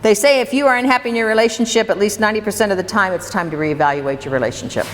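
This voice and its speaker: A woman delivers a workshop to a live audience very fast, her voice in the mid range. She speaks conversationally and puts questions to those present, recorded in an echoey hall with faint room noise.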